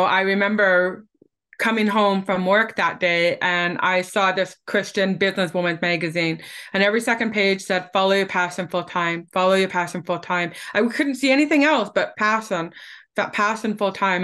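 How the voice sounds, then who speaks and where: Candid woman telling her own story. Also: medium pitch. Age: 40s. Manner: candid, animated storyteller who laughs easily. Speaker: guest, public speaker. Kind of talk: storytelling in an interview.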